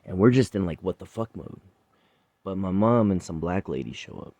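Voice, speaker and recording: Deep, dark-voiced man telling a raw story. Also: moderate pace, dry recording, highs cut off. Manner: raw, profane, emotional retelling; quiet and subdued when remorseful. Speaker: vlogger telling his life story. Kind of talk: personal storytelling to camera.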